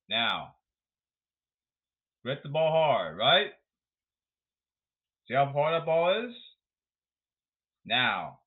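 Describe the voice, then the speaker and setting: A man's voice: fairly high pitch, husky. A man giving a sarcastic, ranting talk about baseball, emphatic and blunt. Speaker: baseball commentator. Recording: tinny phone-like audio.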